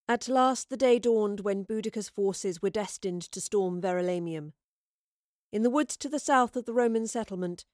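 A woman narrating a fantasy audiobook in a measured, steady storytelling voice. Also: mid-range voice, no room sound. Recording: dry close recording.

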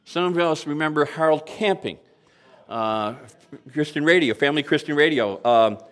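An older man delivers a sermon in an easy, conversational way, with a bit of humor and plenty of questions put to the congregation. His voice sits a little higher than most men's. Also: lively intonation, moderate pace, fairly bright tone. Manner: conversational preaching with light humor and rhetorical questions. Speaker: pastor.

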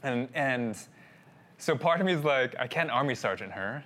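A man's voice: medium pitch, lively intonation, moderate pace, a bit bright. A man telling a personal story in a sermon, talking casually and addressing his listeners as guys. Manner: conversational, addresses audience as guys. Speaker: pastor.

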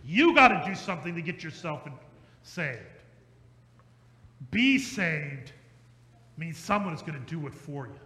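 A male pastor preaching an emphatic, repetitive sermon that slows down for stress and speeds up in asides. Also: on the high side, animated, pushed and bright. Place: church sanctuary. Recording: echoey church hall.

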